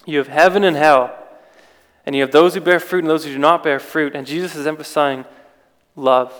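A man's voice: a little high, steady tone, fairly quick, fairly bright tone, big-room sound. A man preaching an informal sermon in a conversational way, with restarts and rhetorical questions.

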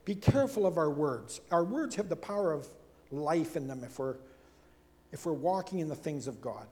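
A man preaching a sermon in a chatty, animated way, acting out the people he quotes and tossing in asides and rhetorical questions. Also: moderate pace. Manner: animated, acts out quoted speakers with big swings in pitch and loudness. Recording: long hall reverb.

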